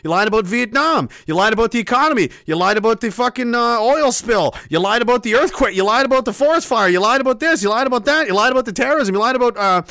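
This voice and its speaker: A livestream host delivering an angry, swearing rant, dropping to a low sneer and then rising to loud shouts. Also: male voice, expressive, quick pace, hardly any pauses, no room sound, studio quality. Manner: heavy swearing, repeated hammering phrases.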